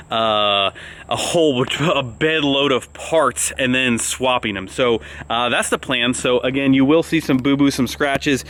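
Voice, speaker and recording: A vlog host with a medium-pitched, slightly bright voice rambles through his plans in a casual vlog. He's amped up and talks fast.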